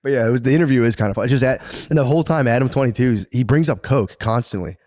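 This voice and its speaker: A man's voice: medium pitch, racing, a little mellow, no room sound, clean studio sound. A man co-hosting a podcast in casual chat, rambling and profane, laughing often as he talks. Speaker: podcast co-host.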